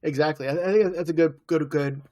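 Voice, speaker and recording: A man's voice: on the high side, fairly even intonation, brisk, dark tone. A man in his thirties co-hosting a podcast, recapping a TV episode in casual chat and acting out quoted lines as he tells it. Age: 30s. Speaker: podcast co-host.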